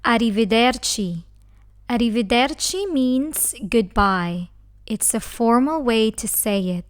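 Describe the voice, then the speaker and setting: A woman teaching a language lesson who speaks slowly and carefully, breaking words into syllables. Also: on the high side, lively intonation, smooth. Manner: slow, careful, spells out syllables. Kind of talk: slow scripted lesson.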